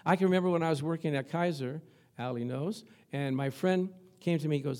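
Older male pastor, lively storyteller. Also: a little high, fairly quick. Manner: conversational and humorous. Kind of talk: sermon.

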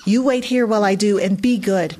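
A woman voicing a cheerful, magical female bus driver in a storybook, with a high, sing-song manner. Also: fairly quick, mellow, lightly acted.

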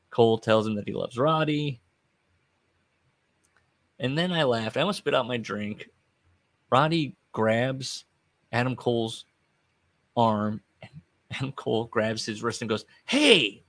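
A middle-aged man hosting a casual podcast recap, rambling with wry, offhand asides. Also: medium pitch. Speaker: podcast host recapping wrestling.

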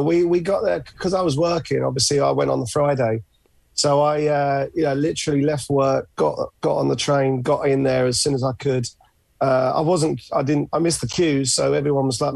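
A podcast guest with a North London accent tells stories in a chatty, easygoing way, filling his speech with lots of "uh"s. His mid-range voice has vocal fry and a darkish tone, and the casual podcast chat is recorded with no echo.

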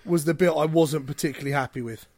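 A man with a slightly high voice recounts his experiences in a relaxed, conversational way, dropping easy fillers. The sound is close and dry, with no room around it. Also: quick pace, no echo. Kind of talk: casual chat.

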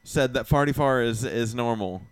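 A man's voice: mid-range voice, normal speed, smooth, no room sound. A young man hosting a podcast in casual chat, joking crudely and laughing easily, speaking into a handheld mic. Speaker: podcast host.

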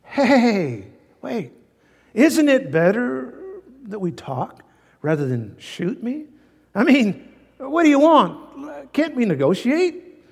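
Guy doing a soft smooth-talking bear in a preacher's joke, voice pushed up high, big echoey hall. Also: big pitch swings, slow, heavily acted. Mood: coaxing.

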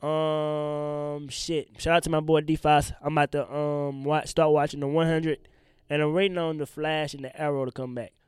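A man's voice: fairly high pitch, normal speed, smooth, no room sound, studio quality. A young man with a congested voice and a tiring throat, hosting a casual solo podcast and talking to listeners in loose slang. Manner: loose, slangy and animated, addressing listeners directly. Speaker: podcast host.

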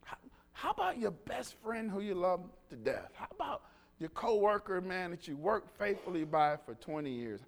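Animated high-pitched preacher man. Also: normal speed. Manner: animated, call-and-response with congregation. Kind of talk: lively sermon with storytelling.

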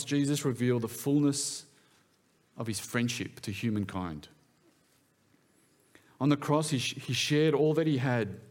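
A pastor preaches a sermon in a church, his voice medium in pitch with a somewhat dark tone. He keeps it conversational and frequently poses questions to the congregation.

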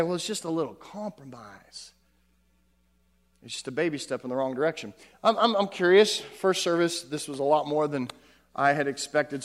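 Male pastor, higher-pitched voice, chatty sermon delivery with stumbles and asides, big echoing sanctuary sound. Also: fairly bright tone. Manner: conversational preaching, frequent repeated words and asides. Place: church sanctuary. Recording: long hall reverb.

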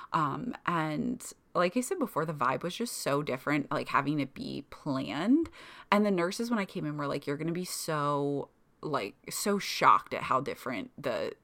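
A woman's voice: sits low, a bit bright. A young woman casually telling her own birth story, chatty and emotional, full of fillers.

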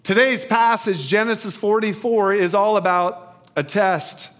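Slow, high-voiced male preacher. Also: fairly bright tone. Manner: slow storytelling, rhetorical questions. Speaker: pastor. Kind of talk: sermon.

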